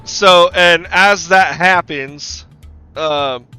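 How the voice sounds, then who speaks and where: A man's voice: sits high, extremely slow, sharp tone, faint music behind. A man narrating a tabletop game as game master, casual and full of fillers.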